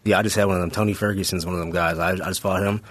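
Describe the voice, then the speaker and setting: Fast-talking deep-voiced man. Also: steady tone. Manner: quick, casual, filler-heavy talk. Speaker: guest, MMA fighter. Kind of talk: casual podcast chat.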